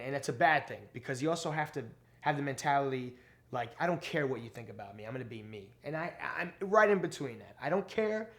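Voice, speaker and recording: A male stand-up comedian, telling stories in a casual interview, animated and profane, acting out quotes. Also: mid-range voice.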